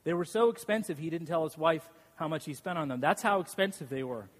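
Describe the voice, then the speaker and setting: A man's voice: fairly high pitch, fast. A man preaching a sermon as a pastor, telling stories with self-deprecating humor and frequent laughs. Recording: long reverb of a large hall.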